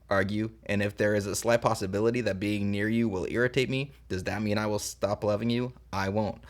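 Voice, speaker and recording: A man's voice: lowish voice, natural voice. A man reading the part of a charming young man who proposes to his girlfriend, in a script table read. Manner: earnest, tender romantic delivery.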